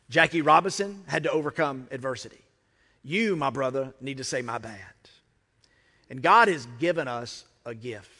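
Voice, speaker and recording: A man's voice: fairly high pitch, fairly bright tone. A man with an American accent preaching a sermon as a pastor, talking conversationally with emphatic repetition. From United States. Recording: long reverb of a large hall.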